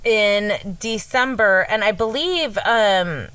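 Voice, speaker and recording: Sex: woman. Role: chatty podcast storyteller. Pitch: medium. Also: lively intonation, slow pace, fairly bright tone, smooth, rough recording. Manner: chatty, self-correcting, laughs at herself. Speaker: podcast co-host. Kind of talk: casual storytelling from notes.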